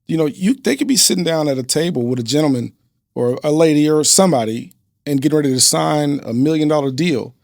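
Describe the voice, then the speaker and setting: A man's voice: fairly high pitch, fast, gravelly, darkish tone, dry recording, clean studio sound. A man who is a business owner and father, a guest on a podcast, telling stories in an earnest, instructive way with everyday fillers. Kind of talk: casual interview chat.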